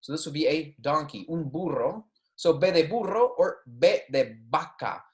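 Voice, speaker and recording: A man's voice: on the high side, animated, roomy sound. A man teaching as a Spanish instructor in a recorded lecture, patiently modeling sounds and correcting himself as he goes. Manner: patient, modeling pronunciation slowly, self-correcting.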